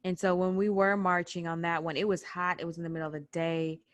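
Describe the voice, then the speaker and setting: A young adult woman from the United States, telling a personal story on a podcast in an animated way, acting out what people said. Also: on the low side, fast talker, dry recording. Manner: animated retelling with quoted voices. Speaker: podcast guest recounting a protest. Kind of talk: personal storytelling in casual chat.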